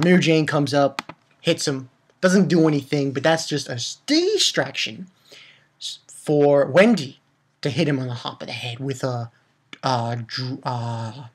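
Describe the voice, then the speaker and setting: A man reviewing a manga chapter in casual chat, excitable and rambling, with many fillers and exclamations. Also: fairly high pitch.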